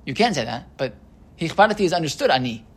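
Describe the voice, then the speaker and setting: A man's voice: a little high, big pitch swings, fast talker, breathy edge. A man leading a text study class, aloud and explaining them, thinking aloud with frequent restarts and "right?" checks to the group. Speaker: Torah teacher.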